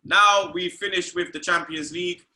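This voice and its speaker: A loud, excitable man hosts a football chat, swearing freely as he goes. His voice is fairly high and very bright and sharp. The room gives it a clear echo. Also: normal speed, a little hiss or hum. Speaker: host. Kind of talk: casual football banter.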